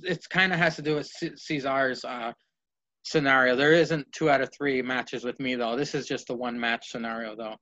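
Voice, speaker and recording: On dull lo-fi podcast audio, a man with a steady, mid-range voice talks at normal speed in a bright, forceful tone. He rambles and swears while fantasy booking wrestling as a co-host, acting out what the wrestlers would say.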